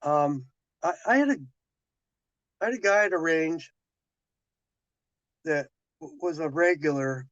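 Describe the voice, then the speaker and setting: A man's voice: a little high, lively intonation, measured pace, long pauses, fairly bright tone, no echo. A man casually chatting with viewers on a live stream, telling a rambling story full of restarts and quoted dialogue. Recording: dull lo-fi dry sound.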